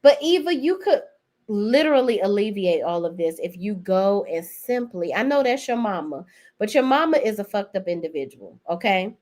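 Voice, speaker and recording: A woman's voice: mid-range voice, animated, moderate pace, a little mellow. A woman giving a casual, blunt and profane recap of TV episodes, chatting straight to her viewers. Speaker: TV show reviewer.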